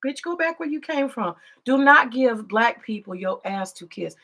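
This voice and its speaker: Gravelly, profane woman ranting. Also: fairly high pitch, expressive, normal speed, bright, forceful tone. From United States. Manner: profane, confrontational, preachy. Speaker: commentator. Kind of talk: ranting vlog commentary.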